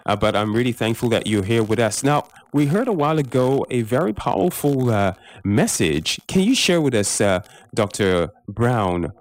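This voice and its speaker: A man's voice: medium pitch, sing-song. Enthusiastic man hosting a radio show. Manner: enthusiastic, drawn-out emphasis, fillers. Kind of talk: radio interview.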